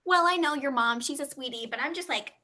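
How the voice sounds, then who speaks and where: A woman's voice: high voice, fast, pushed and bright. A woman playing a frazzled mother who keeps scolding her kids over the phone. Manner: scolding, distracted. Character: frazzled single mom guest, always on the phone. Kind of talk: improv comedy.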